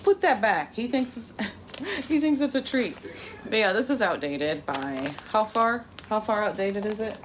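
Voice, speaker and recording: A woman's voice: mid-range voice, animated, measured pace, a little hiss or hum. A middle-aged woman chatting casually in her home kitchen, laughing often as she cooks for a vlog. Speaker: vlogger. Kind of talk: casual cooking vlog chat.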